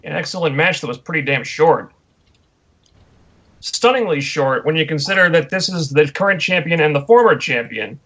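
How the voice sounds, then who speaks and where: A man's voice: on the high side, animated, moderate pace, a bit bright. A man co-hosting a casual wrestling podcast, ranting with mocking disbelief. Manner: incredulous, mocking rant. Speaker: podcast co-host. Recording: dull lo-fi audio.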